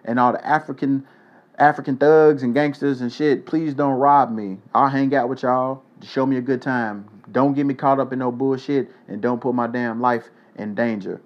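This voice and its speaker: A young man hosting a casual solo podcast, joking loosely and swearing freely as he gives shout-outs to listeners. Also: medium pitch, fairly even intonation, normal speed, lo-fi sound. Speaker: podcast host.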